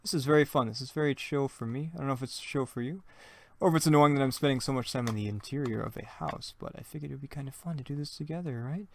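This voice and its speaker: A man's voice: mid-range voice, fast, gravelly, a little hiss or hum. A young man hosting his own gaming channel, chatting casually and thinking aloud as he plays, with self-mocking jokes and plenty of rambling asides. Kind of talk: casual let's-play commentary.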